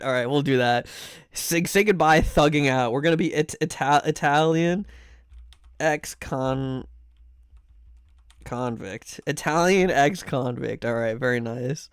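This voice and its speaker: A man's voice: mid-range voice, a little slow, smooth, no room sound, clean studio sound. A man live-streaming a game and chatting with his audience in a casual, playfully indignant way, often stammering and repeating words. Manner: animated, playfully indignant, bantering with chat. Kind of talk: casual live-stream chat while gaming.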